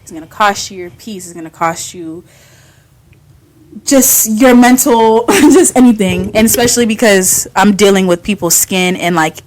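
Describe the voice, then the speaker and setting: A young woman talking as a podcast guest in a casual, animated way, laughing often and using slang. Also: mid-range voice, normal speed. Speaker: guest, skincare business owner.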